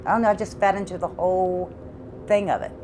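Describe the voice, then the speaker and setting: Middle-aged woman, low voice, earnest and halting, interview testimony from her own home. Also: fairly even intonation, background noise. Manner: halting, repeats words, earnest. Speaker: homeowner interviewed about hauntings.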